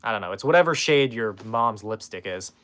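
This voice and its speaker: A man's voice: lowish voice, lively intonation, a little fast, fairly bright tone. A man streaming from his room in casual chat, sarcastically roasting viewers and swearing freely.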